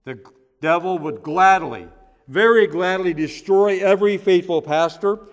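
Male pastor, slightly high voice, deliberate emphatic sermon delivery, reverberant sanctuary. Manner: measured, emphatic preaching with stressed repeated words. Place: church sanctuary.

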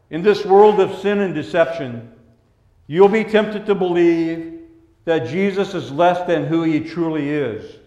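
A man preaching a sermon in a gentle, pastoral way, dropping to hushed tones and then rising to emphatic lines. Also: on the high side, reverberant. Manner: gentle, pastoral, swinging between soft hushed passages and raised emphatic ones.

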